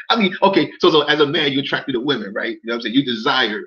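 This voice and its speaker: Racing along with hardly any pauses, a livestream commentator rants in an expressive, medium-pitched, fairly bright voice over lo-fi sound. He talks straight to chat, getting heated, profane and repetitive.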